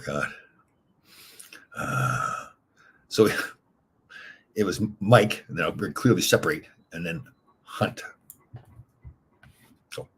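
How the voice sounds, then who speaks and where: Low, husky man laughing through a live chat. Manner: giggly, rambling, laughs often between lines. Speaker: host reading live chat. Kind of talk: casual live-stream chat.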